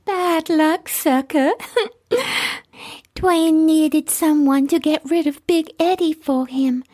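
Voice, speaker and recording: Woman putting on a high sugary femme fatale. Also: fairly even intonation, takes it slowly, dark tone, dry recording. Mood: mocking. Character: scheming young woman, sly femme fatale. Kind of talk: storybook character voice.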